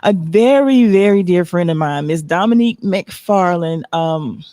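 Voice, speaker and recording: A woman hosts a live podcast in a casual, chatty way. Her voice sits a little low and sounds dry and close to the mic. She talks expressively and gets emotional easily. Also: unhurried, no echo. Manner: emotional, expressive, laughs often. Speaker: podcast host.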